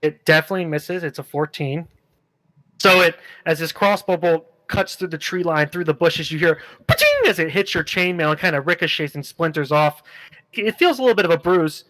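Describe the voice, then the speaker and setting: A man runs a tabletop game, narrating in a relaxed, rambling way and filling pauses with "uh" and "um". His voice sits a little high, and the sound is dry and close. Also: no room sound, rough recording. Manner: relaxed, rambling, many fillers. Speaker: game master.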